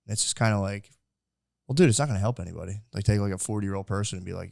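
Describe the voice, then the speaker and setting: A man's voice: on the low side, very fast, vocal fry, darkish tone, no echo, clean studio sound. A man in his thirties hosting a casual podcast interview, rambling with lots of fillers. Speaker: podcast host.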